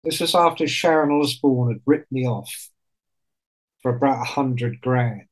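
A man in casual chat on a podcast, telling stories in an animated way and swearing often. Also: medium pitch, a little slow, low-quality recording.

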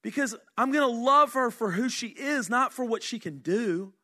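A middle-aged man, a senior pastor, preaching a sermon in an earnest, conversational way, asking the congregation questions and dropping his voice for quiet emphasis. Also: extremely high pitch, animated, normal speed.

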